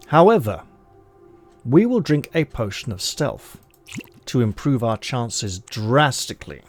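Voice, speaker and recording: A man reading a solo gamebook aloud with measured, dramatic narration and commenting on his choices as he plays. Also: medium pitch, big pitch swings. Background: music.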